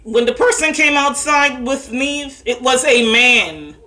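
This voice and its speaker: A woman talks through a TV episode in a loose, chatty way, stopping for fillers and little asides. Her voice is bright and sits a bit high. She sounds like a vlogger telling friends what happened. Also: lively intonation, a little slow. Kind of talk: casual recap monologue.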